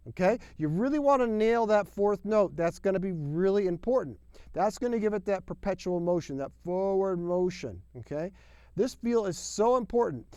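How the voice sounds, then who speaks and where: A man's voice: high voice, animated, normal speed, mellow, smooth, dry recording. A man teaching a drum lesson to camera in an upbeat, folksy, emphatic way, sometimes singing drum syllables. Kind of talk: video lesson.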